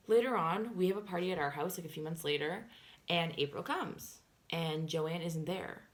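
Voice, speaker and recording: Brisk and a bit low, her voice echoes with reverb as this young vlogger chats through a story. Fillers like "like" and "um" pop up constantly, and she performs quoted lines in animated voices.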